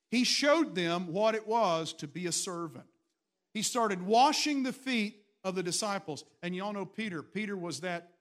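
A man's voice: sits high, animated, unhurried, a bit bright. A man, a pastor preaching a storytelling sermon to his congregation with bursts of raised emphasis. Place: church in front of a congregation.

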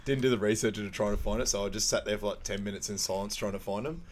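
A low-voiced man in a relaxed podcast chat, with faint noise in the background. He meanders through scenes, padding his talk with fillers and laughing often. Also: rapid-fire. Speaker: podcast co-host. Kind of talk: casual film recap chat.

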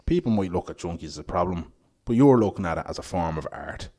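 An Irish man telling animated, laughing stories as a guest in casual podcast chat. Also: sits low, fast talker. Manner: animated storyteller, laughs often.

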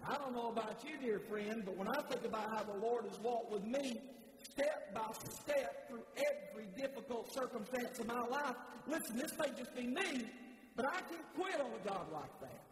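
A man's voice: very high voice, animated, normal speed. A man preaching a sermon in a church, fervent and repetitive, often stammering and restarting his words. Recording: echoey hall with faint noise.

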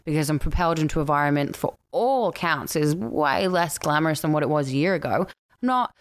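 A woman's voice: low-pitched, brisk. A woman in her thirties with an Australian accent, talking candidly as a podcast guest in casual chat. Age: 30s. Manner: candid, animated storyteller.

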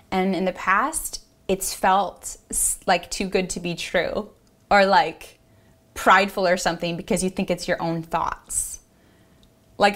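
A woman's voice: mid-range voice, measured pace. A woman apostle giving a devotional podcast teaching. She is earnest and encouraging, repeats affirmations and talks conversationally with many fillers.

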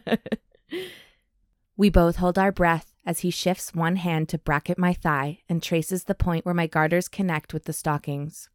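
Low-voiced woman podcast co-host. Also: fairly even intonation, no echo, studio quality. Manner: reads steamy passages slowly with breathy emphasis, laughs often. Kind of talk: casual chat and reading a romance novel aloud.

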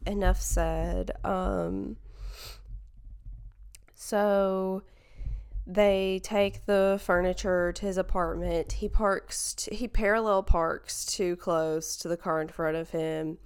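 A woman's voice: fairly low pitch, steady tone, slow, gravelly, clear, resonant tone. A young woman talking casually about a movie, rambling and full of fillers and self-corrections. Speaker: movie reviewer. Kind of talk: casual chat.

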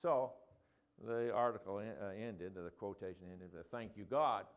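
An older man with a lowish voice leads a relaxed group Bible study. He rambles, fills his pauses with ums and false starts, and slows right down when he reads a quote aloud. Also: clean tone.

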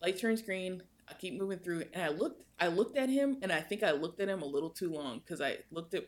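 A young woman co-hosting a podcast, telling a story in casual chat with animated swings in pitch. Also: brisk, few pauses. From United States. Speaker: podcast co-host.

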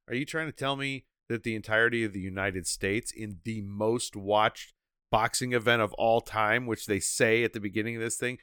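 Male podcast co-host, lower voice, bright and forceful, animated banter, dry sound. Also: normal speed, clear, resonant tone, no echo. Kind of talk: casual movie chat.

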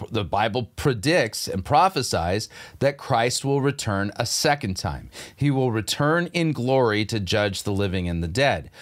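An older man with a mid-range voice hosts a commentary show, picking apart video clips. He talks in a sardonic, incredulous way, pausing to scoff. His delivery stays conversational and steady. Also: medium pitch. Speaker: show host.

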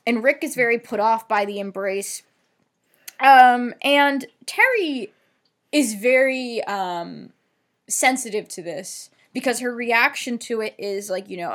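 A woman's voice: fairly high pitch, fairly bright tone. A woman co-hosting a podcast, recapping a TV episode in casual, chatty talk with lots of fillers and some swearing. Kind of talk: casual chat.

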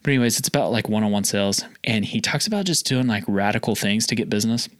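A man's voice: lowish voice, fast, no room sound. Guy telling a long story casually, lots of like and um, voice jumps way up when he acts out calls, dry close mic. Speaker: guest telling a sales story. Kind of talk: casual chat.

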